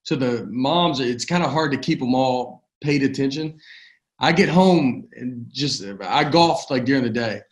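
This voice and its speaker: A man in his forties, a comedian guest on a podcast, telling rambling, halting stories in casual chat. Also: mid-range voice. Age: 40s.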